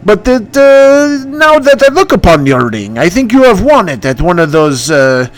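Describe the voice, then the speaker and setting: A man voicing a scornful undead oathbreaker spirit who speaks slowly and mockingly. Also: high voice, big pitch swings, pitched above the performer's own voice. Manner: slow, sneering, mocking.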